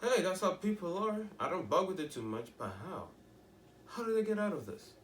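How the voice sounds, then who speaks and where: A man's voice: high voice, big pitch swings, fairly quick, echoey room, distant mic, heavy background noise. A teenage boy talking in a rambling, emphatic way, often restarting and asking rhetorical questions. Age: teens. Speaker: vlogger. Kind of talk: casual monologue to camera.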